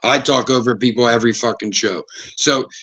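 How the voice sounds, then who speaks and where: A man's voice: medium pitch, a little fast, breathy edge, poor audio. A man hosting a live-streamed panel talk, speaking bluntly and swearing freely. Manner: blunt, swears freely, acts out quotes loudly. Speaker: livestream panel host. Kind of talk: casual chat.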